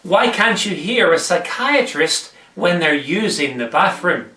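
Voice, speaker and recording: Man, comic church video host, bright voice, recorded off mic in an echoey room. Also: sits high, sing-song, unhurried, far from the mic. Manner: plays both joke-teller and weary skeptic. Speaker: church presenter.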